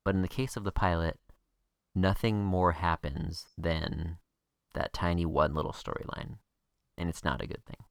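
A woman co-hosting a podcast in casual chat, wry and skeptical, rushing through quick recaps. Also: extremely low pitch, fairly even intonation, dry recording, clean studio sound. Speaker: podcast co-host.

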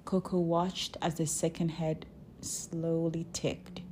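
A woman reading her children's book aloud, slow and deliberate, with small restarts. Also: sits low, flat delivery, a little mellow, a little hiss or hum.

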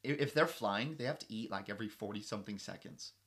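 A man in his late twenties co-hosting a podcast, chatting casually in an animated, teasing, joking way. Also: fairly low pitch, fast. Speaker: podcast co-host. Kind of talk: casual chat.

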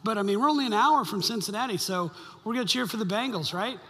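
A pastor, preaching a conversational, joking sermon to a congregation. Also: male voice, sits high, fast, sharp tone. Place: church sanctuary. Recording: long hall reverb.

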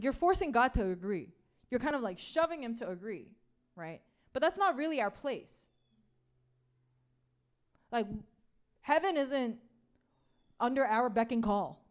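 Woman, preacher, casual sermon, talkative, emphatic repetition, a bit high-pitched. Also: a little mellow. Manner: chatty, peppered with "like" and "right?"; emphatic, repeats key phrases for stress.

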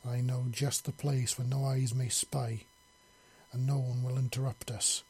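A man's voice: medium pitch, flat delivery, unhurried, vocal fry, darkish tone, breathy edge. A man voicing a powerful female alien hive queen, speaking in an intense, pleading way. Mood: tender.

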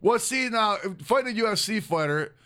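A man co-hosting a podcast, loud and profane, rambling through fan questions. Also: sits high, expressive, normal speed, clean tone. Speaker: podcast co-host. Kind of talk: casual chat, reading fan questions.

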